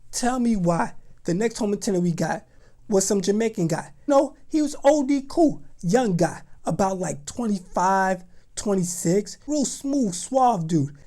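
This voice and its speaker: A young adult woman telling a storytime vlog in an animated, slangy, dramatic way. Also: mid-range voice. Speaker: vlogger.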